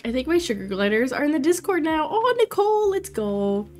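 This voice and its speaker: A young woman streaming a life-sim game, chatting to her viewers in an excitable way with frequent exclamations and laughs. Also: high-pitched, fairly quick. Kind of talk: casual let's play commentary.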